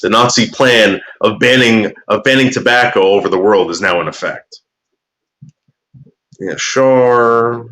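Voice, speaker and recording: A man's voice: medium pitch, fairly bright tone. A man rambling to his chat on a livestream, cursing often and repeating words as he starts his sentences. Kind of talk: rambling casual stream chat.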